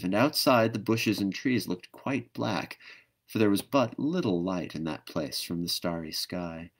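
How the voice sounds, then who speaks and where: A man with a lowish voice reads a children's storybook aloud on a live stream. His delivery is measured and lilting, like a bedtime story. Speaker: storyteller reading a book aloud. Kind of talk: children's book read-aloud. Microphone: webcam or phone mic on a live stream.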